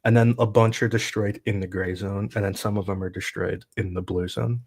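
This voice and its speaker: A man's voice: on the low side, fairly even intonation, fairly quick, gravelly, darkish tone, slightly rough. A man who is a guest analyst on a livestream, explaining things casually and using "like" often.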